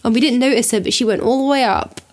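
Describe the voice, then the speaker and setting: A woman with a slightly high voice, talking loosely and giggling through a casual podcast chat at home. She rambles, and she drops into silly voices. Her tone is relaxed and warm. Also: fast talker. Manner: giggly, chatty, breaks into funny voices. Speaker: podcast co-host.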